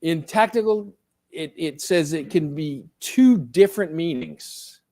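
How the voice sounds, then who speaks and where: Middle-aged male professor, slightly high voice, casual lecture, quizzing students, joking. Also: unhurried, dark tone. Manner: casual, joking, asks the class questions. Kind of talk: classroom lecture.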